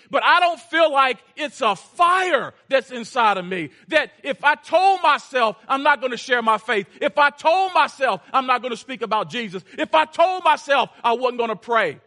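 A man preaching a sermon, telling a story and shifting between loud urgency and hushed, intense passages. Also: very high-pitched, animated, normal speed. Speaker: pastor.

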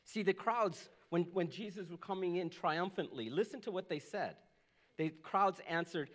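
A middle-aged man, a pastor, preaching a sermon, animated and swinging from loud bursts to hushed lows. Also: moderate pace.

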